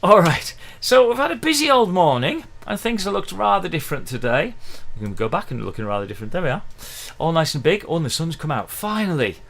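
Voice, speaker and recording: A man's voice: fairly high pitch, big pitch swings, fairly quick, creaky, fairly bright tone. A middle-aged man, teaching ukulele in a chatty, encouraging livestream lesson, counting in the beats. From England. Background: faint ukulele playing.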